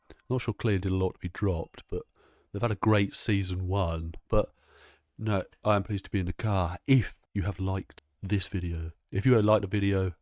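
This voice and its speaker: Excitable man commentating a racing game. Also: sits low, slight background noise. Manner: excitable, chatty, swears casually. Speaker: gaming channel host.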